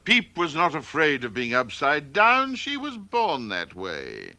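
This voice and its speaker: A man reading a children's storybook aloud, with animated and expressive narration. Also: on the high side, takes it slowly, few pauses. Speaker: storybook reader.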